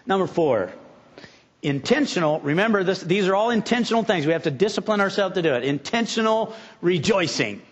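A middle-aged man with a high voice, preaching a sermon in a homespun, conversational way. He often stumbles and repeats words as he starts his sentences. The recording sounds dull and muffled. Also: expressive, brisk, breathy edge. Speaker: pastor.

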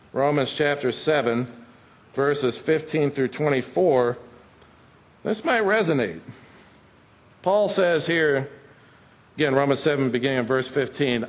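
Male preacher, mid-pitched, easygoing and wry with his congregation; the audio sounds dull and lo-fi. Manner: conversational, folksy and wry. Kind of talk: sermon.

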